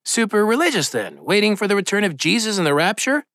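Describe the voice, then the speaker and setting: A man's voice: sits high, big pitch swings, quick pace, fairly bright tone, no echo, clean studio sound, pitched above the performer's own voice. Man doing a prying, incredulous young dude. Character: nosy young male dude, skeptical.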